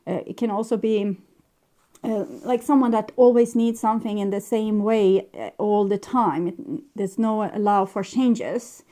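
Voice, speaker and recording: A woman's voice: mid-range voice, warm tone. A woman giving a rambling tarot reading, talking in a hesitant, meandering way full of fillers and restarts. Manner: meandering, hesitant, many fillers and self-corrections. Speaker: tarot reader.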